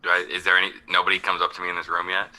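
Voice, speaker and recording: Man, tabletop player, very deep voice, sharp bright tone, hesitant. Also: monotone, racing, rough recording. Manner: hesitant, starts with um. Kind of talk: casual play at a tabletop game.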